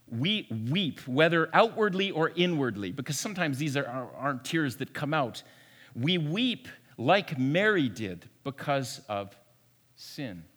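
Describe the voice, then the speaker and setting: A male pastor preaching an Easter sermon, swinging from hushed to emphatic and often repeating words, in a church sanctuary. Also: medium pitch, breathy edge. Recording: long reverb of a large room.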